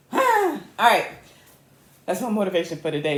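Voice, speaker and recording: A young woman comedian tells a rambling, self-mocking story, her voice jumping into high squeals for punchlines. Her voice sits at a middle pitch. The room around her rings with a noticeable echo. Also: huge pitch swings, normal speed, gravelly. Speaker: comedian host. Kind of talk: comic storytelling monologue. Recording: roomy echo.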